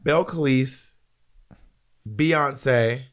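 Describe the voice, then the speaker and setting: A man in mid-range pitch co-hosting a casual podcast. He rambles, trails off and restarts, padding his talk with fillers. His voice sits right in the middle for a man. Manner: rambling, halting, many fillers. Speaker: podcast co-host. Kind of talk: casual chat.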